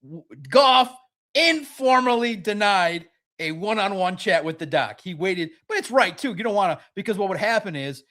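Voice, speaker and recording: A man's voice: high voice, lively intonation, normal speed, sharp tone. A man hosting a sports podcast, talking casually and with animation, slipping into mocking impressions of others.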